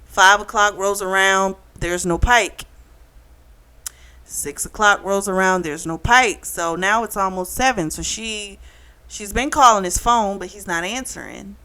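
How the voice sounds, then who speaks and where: A woman vlogger giving a casual, chatty recap of a novel, full of "like" and "um" as she retells the plot. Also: smooth. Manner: animated retelling, acting out characters' lines with a raised pitch; chatty, peppered with "like" and "um". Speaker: book club vlogger.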